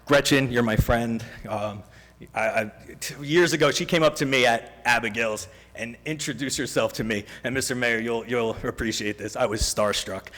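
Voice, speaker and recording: A man's voice: mid-range voice, bright, forceful tone. Man, public commenter, rambling and jokey, lots of fillers, echoing chamber sound. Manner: rambling, joking, halting with many fillers. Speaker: public commenter at a council meeting. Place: council chamber. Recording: reverberant council chamber.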